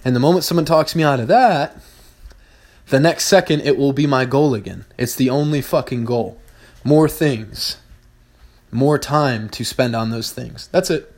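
A man's voice: medium pitch, a little slow, a little mellow. A man hosting a podcast, talking through business lessons in a blunt, profane, casual way and repeating points for emphasis. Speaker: podcast host, business owner.

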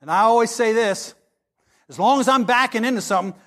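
Male pastor, high-pitched voice, impassioned sermon, dramatic scripture reading. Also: brisk, fairly bright tone.

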